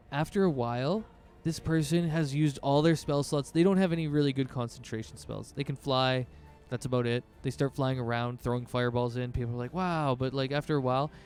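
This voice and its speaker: A man's voice: medium pitch, a little mellow. A man in a middle register narrating a tabletop game as game master. He rambles loosely, piling on fillers as he sets the scene. Faint music runs behind him.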